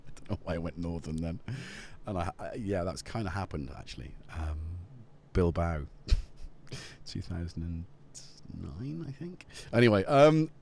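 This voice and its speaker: A man's voice: low-pitched, lively intonation, unhurried, gravelly, pauses often, darkish tone. A man hosting a casual live stream, joking and rambling off topic at a studio mic. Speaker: livestream host. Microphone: studio dynamic mic.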